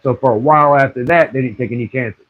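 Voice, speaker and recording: Husky older man telling stories. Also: medium pitch, fast talker, phone-quality sound. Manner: animated storyteller who acts out quoted voices. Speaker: livestream host. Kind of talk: casual livestream chat.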